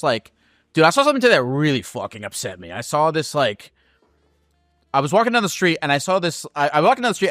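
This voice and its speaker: A man's voice: mid-range voice, a bit bright, no echo, clean studio sound. A man hosting a call-in advice show, talking casually with many restarts and plenty of swearing.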